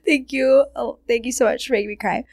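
A woman's voice: a little high, fairly even intonation, a little fast, vocal fry, a little mellow, dry recording, clean studio sound. Emotional woman hosting a casual podcast. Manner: emotional, laughing often, swears casually. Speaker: podcast host. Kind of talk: casual chat.

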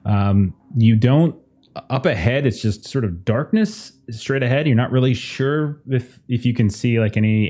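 A man with a fairly low, mellow voice narrates a tabletop game as its game master. He wanders through his descriptions, restarting phrases and filling gaps as he sets each scene. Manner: loose, rambling narration with many restarts.

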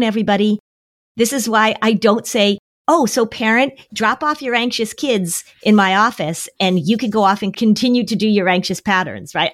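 A woman's voice: medium pitch, moderate pace, no echo, clean studio sound. A woman therapist on a podcast, speaking emphatically and repeating key words for stress. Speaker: therapist guest. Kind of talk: podcast interview.

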